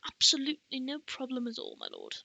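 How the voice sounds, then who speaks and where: Woman doing a pompous, fussy male scribe master, repeats himself, bright tone, audiobook. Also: high-pitched, wildly swooping pitch, a little fast, vocal fry, no echo, dull audio, full character voice.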